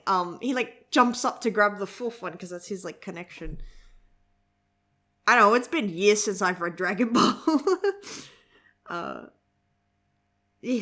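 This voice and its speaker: A woman's voice: on the high side, a bit bright. Giggly, rambling young woman reviewer. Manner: giggly, rambling, lots of fillers. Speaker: manga reviewer. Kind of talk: casual reaction chat while reading aloud.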